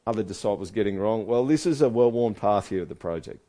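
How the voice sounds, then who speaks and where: A man's voice: fairly low pitch, fast talker, mellow. A man preaching a sermon in a conversational way, asking his listeners one rhetorical question after another. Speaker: pastor.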